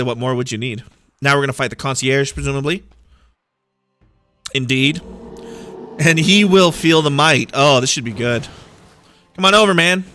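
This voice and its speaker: A man's voice: mid-range voice, pushed and bright. A man giving playful, joking let's-play commentary, wandering off on tangents as he plays. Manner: playful, jokey, goes off on tangents. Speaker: gaming YouTuber.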